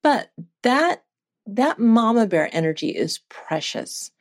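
A woman researcher, a guest in an interview, telling a personal story in an animated, earnest way and laughing now and then. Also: fairly high pitch, slow.

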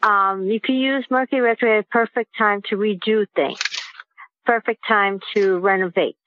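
A woman calling in to a radio show. She talks haltingly, with many pauses and fillers. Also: mid-range voice, fairly even intonation, a little hiss or hum. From Queens, New York. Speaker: caller. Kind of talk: phone call to a radio show. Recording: tinny phone line.

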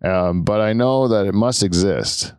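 A man's voice: lowish voice, measured pace, a little mellow, clear, resonant tone, no echo, clean studio sound. A Canadian man hosting a podcast, chatting casually and telling rambling, profane stories with laughs. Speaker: podcast host. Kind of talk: casual chat.

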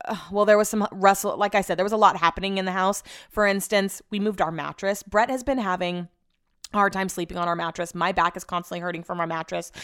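A young adult woman talks to her listeners in a casual solo podcast recorded at home. Her voice is smooth and clear at a middle pitch. She rambles loosely from one anecdote to the next, curses casually and laughs easily. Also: fairly bright tone. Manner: chatty, rambling, swears casually, laughs often. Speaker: podcast host.

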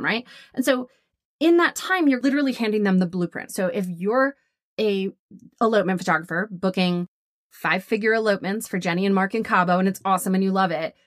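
A chatty, upbeat woman in her thirties talks straight to the listener and coaches photographers in a casual monologue. Her voice sits at a middle pitch, and the recording is dry, with no room sound. She acts out quoted conversations with lively jumps in pitch. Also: brisk, no room sound. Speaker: podcast host and photography coach.

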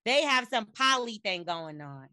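Bright blunt woman on a podcast, cussing a lot, acting out what folks said, dry close sound. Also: fairly high pitch, very animated, measured pace, no room sound. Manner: blunt, profane, acts out quotes animatedly. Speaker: podcast co-host. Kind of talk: casual chat.

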